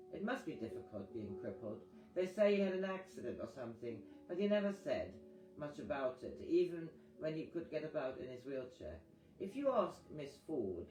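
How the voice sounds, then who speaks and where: A man's voice: on the high side, dark tone, pitched above the performer's own voice. A man reading aloud who voices a chatty, kindly village postmistress with a lilting Welsh accent. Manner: gossipy, kindly, reassuring. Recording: echoey reading over guitar music.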